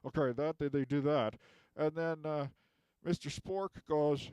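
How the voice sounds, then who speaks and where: A man's voice: on the high side, fairly even intonation, a little slow, darkish tone, clean tone, no echo. A man delivering a rambling comic monologue, constantly tacking "okay?" onto his sentences. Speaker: comedian recapping a film.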